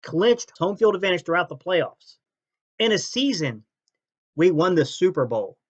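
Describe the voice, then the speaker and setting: A man hosting a sports fan channel, ranting and mocking rival fans' comments, jumping between loud jabs and low sneers. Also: sing-song, a little slow, lo-fi sound. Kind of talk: fan reaction rant.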